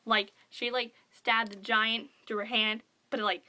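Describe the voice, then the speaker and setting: High-voiced gushing young woman. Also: measured pace. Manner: gushing, excitable, rambling with many fillers. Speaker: book vlogger. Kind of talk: casual book review vlog.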